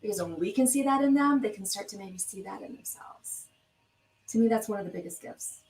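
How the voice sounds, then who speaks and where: A woman coach guesting on an interview over a video call, speaking in a calm, measured and earnest way. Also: medium pitch, roomy sound, far from the mic, rough recording. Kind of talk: interview talk.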